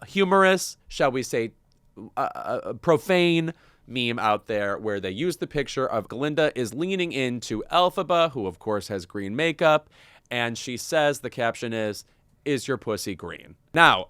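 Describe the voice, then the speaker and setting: A wry, chatty man co-hosting a pop-culture podcast, full of asides and fillers. His pitch moves a lot. The voice is dry and close to the mic. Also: fairly bright tone, clean tone, no room sound. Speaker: podcast co-host. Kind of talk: casual pop-culture chat.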